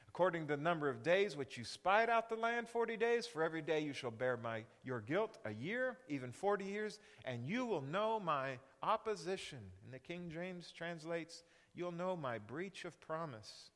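A man teaching a Bible lesson as a sermon, animated and often putting questions to his listeners. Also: a little high, in a large hall. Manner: animated, asks the audience questions.

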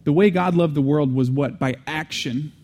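Speaking at a moderate pace with a fairly high pitch, a male Christian teacher preaches a teaching sermon in an earnest, instructive manner. His tone is mellow and warm; he repeats his key points, restarts frequently with fillers, and adds casual asides.

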